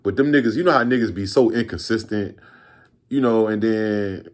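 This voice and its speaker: A man in his thirties from Virginia rambles through a storytime vlog, relaxed and full of slang and swearing. His voice sits on the low side for a man. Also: moderate pace. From Virginia, USA. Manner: rambling, laid-back, profane slang. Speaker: vlogger telling a story.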